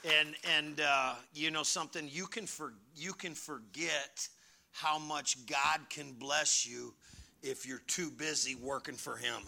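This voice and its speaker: Male pastor, gravelly and sharp-toned, preaching by storytelling, drops to hushed asides then builds to near-shouts. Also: on the high side, fairly even intonation, measured pace, some chatter behind, a little hiss or hum. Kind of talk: sermon.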